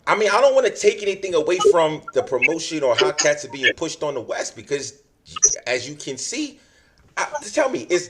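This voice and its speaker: Rambling New man, lively pitch. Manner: rambling, full of restarts and fillers. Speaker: podcast host. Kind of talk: casual chat. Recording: noisy background hiss.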